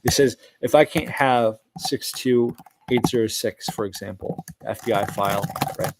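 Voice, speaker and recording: A man's voice: medium pitch, normal speed, heavy background noise. A man talking in a casual, meandering monologue, full of fillers and restarts. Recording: loud keyboard typing in background.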